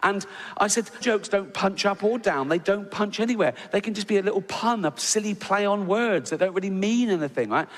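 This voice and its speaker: A middle-aged English man doing an animated stand-up routine, acting out voices and checking in with "right?" asides. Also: high voice, fairly quick. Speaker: stand-up comedian. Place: large venue with audience. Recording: live stage recording with hall reverb and audience noise.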